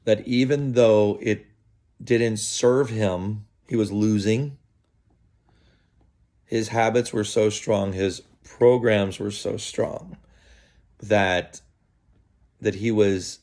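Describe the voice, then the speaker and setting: A man telling a story in a casual, halting way with many fillers, recorded outdoors in the early morning. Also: fairly low pitch, steady tone, darkish tone. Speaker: vlogger.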